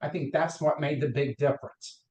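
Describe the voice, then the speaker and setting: A man's voice: fairly high pitch, steady tone, moderate pace, a little mellow. A middle-aged man from North Carolina with a Southern accent, a guest on a podcast interview who tells long career stories with many restarts. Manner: rambling anecdotes with restarts, acts out quotes. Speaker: guest, mortgage lender. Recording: roomy echo.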